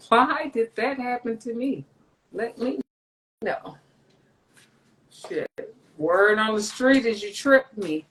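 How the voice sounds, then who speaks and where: Woman, livestream host; unhurried, loose and profane, higher voice. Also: a bit bright, rough recording. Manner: loose, rambling, profane and joking. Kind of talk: casual livestream chat.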